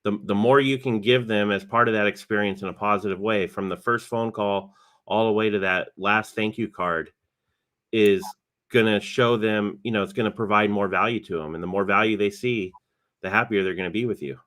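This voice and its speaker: A man co-hosting a podcast, speaking in a measured, conversational way and using tag questions as he makes his point. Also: on the low side, steady tone, a bit bright. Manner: measured, uses "you know" and "right?" as fillers. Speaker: podcast co-host. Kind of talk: casual podcast chat.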